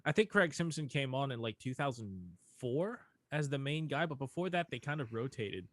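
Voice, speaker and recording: A man's voice: mid-range voice, animated, normal speed, fairly bright tone, no room sound. A young man co-hosting a casual hockey podcast, talking animatedly, laughing often and swearing casually. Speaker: podcast co-host. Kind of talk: casual chat.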